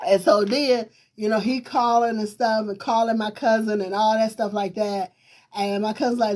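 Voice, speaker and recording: A middle-aged woman from Virginia hosts a talk show and tells a personal story straight to her viewers. Her voice sits high, and her telling is lively and emphatic. Laughter often breaks into her words. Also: moderate pace.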